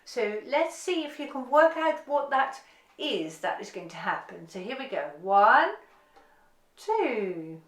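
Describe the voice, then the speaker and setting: A woman's voice: fairly high pitch, lively intonation, moderate pace, roomy sound. A woman teaching an online violin lesson, giving encouraging step-by-step instructions.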